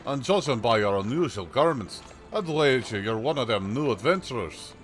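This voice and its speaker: A man's voice: mid-range voice, expressive, normal speed, soft background music, natural voice. A man voicing a chatty old male peddler with a put-on rustic accent and a folksy, rambling way of talking. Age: older. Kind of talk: reading game dialogue aloud on a livestream.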